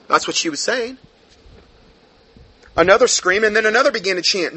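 Guy with a slightly higher husky voice reading news out loud then going off on sarcastic rants. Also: lively intonation, moderate pace, pauses often. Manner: reads aloud then breaks off into heated asides; frequent fillers and restarts, sarcastic mockery. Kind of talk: monologue reading an article with commentary.

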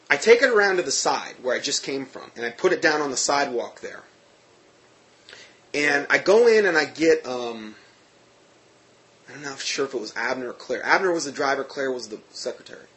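A man telling a personal testimony story in an animated, emphatic way, often restarting his sentences. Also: mid-range voice.

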